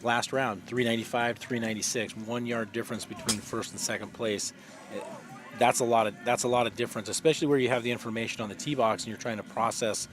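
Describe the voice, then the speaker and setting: A man's voice: medium pitch, steady tone, quick pace. A man giving live long-drive golf commentary, chatty and explanatory, often using fillers.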